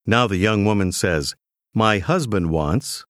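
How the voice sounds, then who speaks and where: A man reads language-course prompts in a clear, measured way. His voice sits low, but his pitch moves with real animation. The recording is close and dry, with no room sound. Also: lively intonation, a bit bright, dry recording. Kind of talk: scripted instructional narration.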